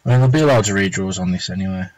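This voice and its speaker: A man's voice: deep voice, rapid-fire, darkish tone, no room sound, low-quality recording. A man chatting casually on a live stream from home, thinking aloud as he draws, with plenty of fillers and half-finished thoughts. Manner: rambling, thinking aloud with fillers and self-talk. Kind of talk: casual live-stream chat while drawing.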